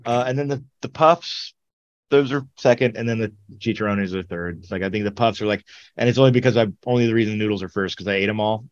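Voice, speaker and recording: A man's voice: fairly low pitch, fast talker, no echo, dull audio. Rambling, swearing man telling stories. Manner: rambling, profane storytelling with laughs. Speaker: podcast co-host. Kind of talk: casual chat.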